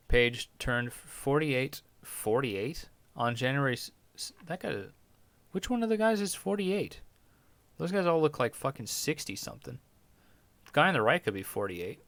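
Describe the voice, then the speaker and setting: A young man reads news headlines aloud and tosses crude, mocking asides between them. His voice is smooth and clear at a middling pitch. The sound is dry and close, with no room echo. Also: fairly bright tone. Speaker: podcast host. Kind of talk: casual commentary reading news aloud.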